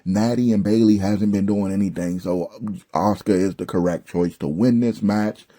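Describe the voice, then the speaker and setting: A man's voice: fairly low pitch, steady tone, moderate pace, dark tone. A young man ranting bluntly about a wrestling show, exasperated and profane, with slangy asides. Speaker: wrestling commentary vlogger.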